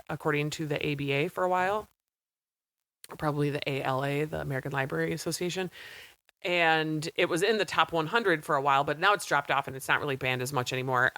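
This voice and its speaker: A woman in her late thirties, co-hosting a podcast in casual chat, talking in a chatty, animated way and acting out quotes. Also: low voice, fairly quick, no echo. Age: 30s. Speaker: podcast co-host. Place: small studio.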